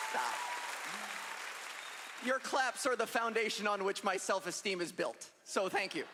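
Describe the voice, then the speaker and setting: A woman's voice: medium pitch, sharp tone, a little hiss or hum. A trans woman doing stand-up on stage, self-deprecating and punchy, in front of a live audience. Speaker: stand-up comedian. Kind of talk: stand-up comedy set. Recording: echoey hall with crowd and ambience.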